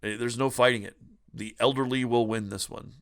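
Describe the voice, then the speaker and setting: A man's voice: medium pitch, fairly even intonation, fairly quick, fairly bright tone, clean tone. A man hosting a retro gaming news vlog who rants about the news in a profane, sarcastic way. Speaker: retro gaming channel host.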